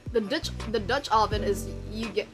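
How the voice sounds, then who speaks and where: A woman's voice: mid-range voice, moderate pace, music in the background. A young woman streamer from the United States chatting casually with her live chat, bubbly, rambling and swearing as she mocks herself.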